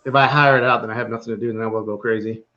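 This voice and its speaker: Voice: mid-range voice, fairly even intonation, very fast, bright, forceful tone. Supportive co-host on dull call audio. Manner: supportive, brief agreeing replies. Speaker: podcast co-host and interviewer. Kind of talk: casual chat. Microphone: remote call.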